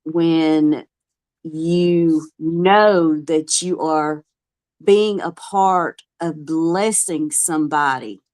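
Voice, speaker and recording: Guest, woman, lowish voice, very slow pace, earnest and heartfelt. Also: a little mellow, no echo. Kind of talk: casual livestream chat.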